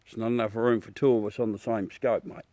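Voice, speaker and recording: Talking fast in a low, level, mellow voice, this livestream host, a middle-aged Australian, swears his way through a blunt, casual chat with viewers and calls them all mate. The recording is dry.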